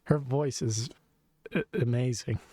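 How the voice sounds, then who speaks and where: A man's voice: mid-range voice, steady tone, a little slow, dark tone, husky, no room sound. A man co-hosting a podcast, chatting casually and profanely while reacting to videos. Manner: profane, amused, rambling. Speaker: podcast co-host.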